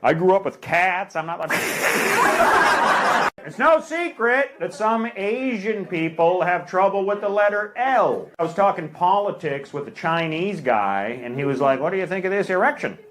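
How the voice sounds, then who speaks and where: Teasing the audience in a club stand-up set, a comedian delivers dry one-liners in a high, animated voice. He takes his time, never hurrying. Loud noise sits over the live stage recording.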